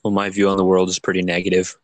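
A man giving short, flat replies in a casual podcast chat. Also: low-pitched, quick pace, no room sound.

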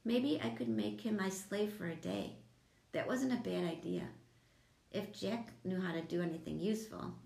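A woman's voice: medium pitch, vocal fry, a little mellow. A woman reading a children's chapter book aloud, raising her voice for the children's lines. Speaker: storybook reader. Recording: echoey room with faint hum.

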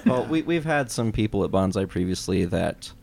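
A man co-hosts a casual podcast, cracking dry jokes. His voice is gravelly with fry. Clear noise runs beneath the recording. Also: on the low side, lively intonation, normal speed. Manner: dry joking quips. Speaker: podcast co-host.

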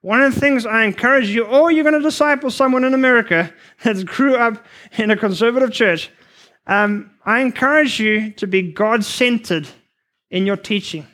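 A man preaching a sermon to future missionaries, earnest and emphatic, sometimes rushing his words. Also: extremely high pitch, a bit bright. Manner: earnest, emphatic, rushes at times.

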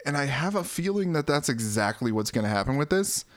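A man's voice: fairly high pitch, big pitch swings, brisk, dry recording. Man, podcast host, casual gaming talk, laid-back, dry close sound. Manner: laid-back, leads topics, laughs often.

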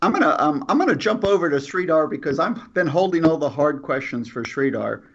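A man's voice: on the high side, expressive, fairly quick, a bit bright, lo-fi sound. A man co-hosting, handing questions to a guest in a friendly, hesitant way with "um" and "uh". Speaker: co-host. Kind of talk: casual interviewing.

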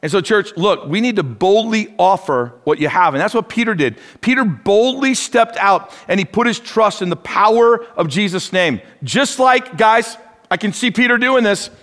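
A pastor preaches with animated delivery, acting out the dialogue he quotes. He's a man with a fairly high voice. The sound rings with a long hall reverb. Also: normal speed. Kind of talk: sermon.

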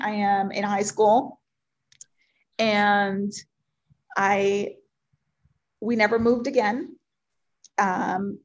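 A woman in her forties whose first language is Spanish, telling her life story as an interview guest in an earnest, heartfelt way, with many ums and pauses. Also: medium pitch, highs cut off. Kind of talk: personal life story in conversation.

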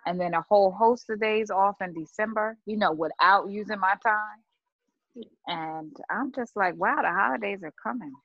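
Animated woman co-host, dry muffled sound. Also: medium pitch, measured pace, no echo. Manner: animated, insistent, laughs often. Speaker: podcast co-host. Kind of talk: casual podcast chat. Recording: dry, slightly dull lo-fi sound.

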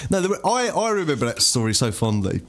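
A man's voice: on the high side, sing-song, a little fast. A young man in casual chat, often laughing and rambling as he recalls old times.

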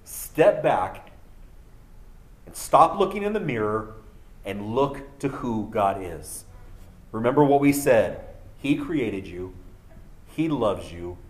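Guy preaching a sermon, earnest, gets loud and emphatic, bit of a cough. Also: medium pitch. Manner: earnest, rises to emphatic peaks. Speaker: pastor.

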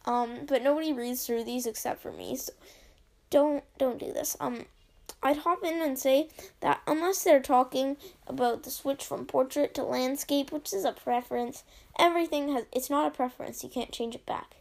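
Young woman host, high voice with fry, sarcastic review-reading podcaster. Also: normal speed, a little mellow. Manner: sarcastic, chatty, reads reviews aloud with dry asides.

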